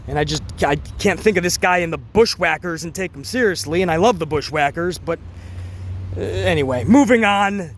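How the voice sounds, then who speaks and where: A man with a fairly high voice talks through a wrestling show in loose, rambling commentary. He gets excited and swears freely, and his pitch climbs when something thrills him. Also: a little hiss or hum. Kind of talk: casual commentary.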